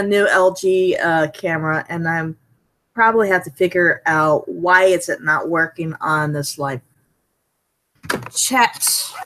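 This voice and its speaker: A woman hosting a casual live stream from home, giddy, laughing often and repeating herself excitedly. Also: mid-range voice. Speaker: livestream host.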